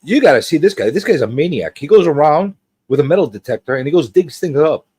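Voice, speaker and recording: Joking, animated male stream host. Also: on the high side, fast, breathy edge, dry recording. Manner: joking, rambling, teasing viewers. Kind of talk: casual livestream chat.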